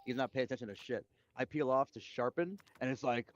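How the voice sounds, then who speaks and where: A man's voice: medium pitch, fairly quick, dry recording. Blunt cussing man, muffled sound. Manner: blunt, profane, joking. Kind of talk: casual chat.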